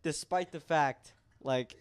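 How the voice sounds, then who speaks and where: A man's voice: on the high side, slow pace, clear, resonant tone. A young man on a casual podcast, telling his side of a story in a profane, emphatic, indignant way. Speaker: podcast guest.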